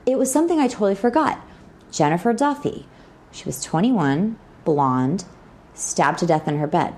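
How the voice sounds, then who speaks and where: A middle-aged woman with a lowish voice that swings widely up and down as she tells her stories. She's frank and a little crude, and she acts out the people in them. It's a podcast guest in full storytelling mode. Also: moderate pace. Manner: lively, acts out quoted people with big pitch jumps. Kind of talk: animated storytelling in a podcast interview.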